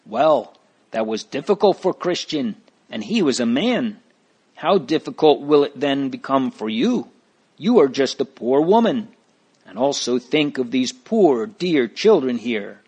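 A man's voice: medium pitch, big pitch swings, measured pace, darkish tone, slightly rough. A man reading a story aloud, voicing a fearful neighbor woman who scolds and pleads in a raised voice. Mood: scolding.

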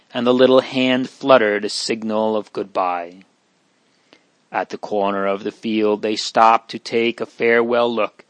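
A man reading an old novel aloud as an audiobook narrator, measured and earnest. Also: medium pitch, no echo. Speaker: audiobook reader. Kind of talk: scripted narration of a Victorian novel.

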